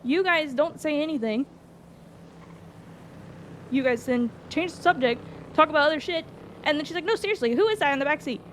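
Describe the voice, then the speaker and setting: A woman telling a story in casual chat, animated and exasperated, swearing often. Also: high-pitched, fairly quick, long pauses, slight background noise. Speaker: streamer recounting a roleplay.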